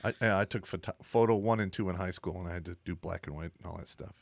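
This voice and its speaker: Low-voiced blunt male co-host. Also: fast, creaky. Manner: blunt, crude humor. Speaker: co-host, army veteran. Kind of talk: casual livestream chat.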